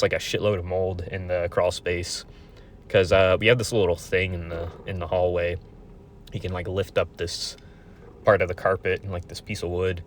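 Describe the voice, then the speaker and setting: Brief: twenty-something guy, low voice, swearing a lot, rambling vent with lots of restarts. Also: fairly bright tone, slight background noise. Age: 20s. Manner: profane, rambling, frequent restarts. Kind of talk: casual venting monologue.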